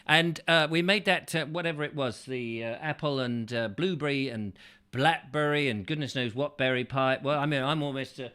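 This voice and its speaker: A man's voice: medium pitch, normal speed, sharp tone, clear, resonant tone. A man hosting a comic chat show, rambling playfully with lots of hesitations and silly wordplay, recorded in a studio. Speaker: host.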